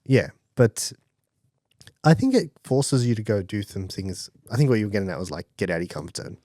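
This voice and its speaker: A man's voice: lowish voice, expressive, warm tone, dry recording, studio quality. A man co-hosting a podcast in casual chat, joking and pushing back playfully. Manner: quick, joking, playful pushback. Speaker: podcast co-host.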